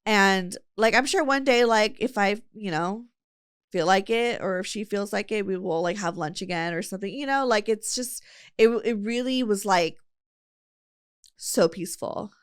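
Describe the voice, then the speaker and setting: A woman's voice: medium pitch, moderate pace, clean tone. A woman hosting a podcast, telling a long story in casual chat, full of fillers and quoted friends. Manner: chatty storyteller, lots of fillers and quoting friends. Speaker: podcast host.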